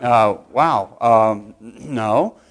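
A man's voice: fairly low pitch, drawn-out words. A middle-aged man, a municipal judge, giving a conversational conference speech to fellow judges, often repeating and restarting words. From Texas.

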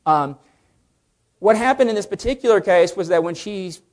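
A man's voice: high-pitched, normal speed. A man teaching a class on legal cases, often putting questions to the room and answering them himself. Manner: animated, asks the class questions. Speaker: legal instructor. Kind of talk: lecture to a class.

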